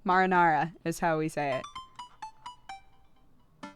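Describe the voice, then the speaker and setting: A young woman streaming a game in casual chat, animated, laughing often and swearing freely. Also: sits low, measured pace, soft background music. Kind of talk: casual live-stream chat while gaming.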